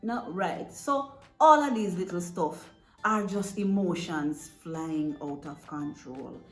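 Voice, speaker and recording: A woman's voice: on the low side, takes it slowly. Woman, direct advice-giver talking to parents; roomy echo. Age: adult parent. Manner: earnest and direct, checks in with "right?". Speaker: parent coach giving advice. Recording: echoey room with faint music.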